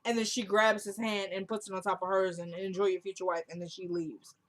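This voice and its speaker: A woman's voice: medium pitch, flat delivery, brisk. A woman vlogger casually recapping a TV episode in a chatty way, quoting the characters' dialogue as she retells the scenes. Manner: chatty, laughs while recapping.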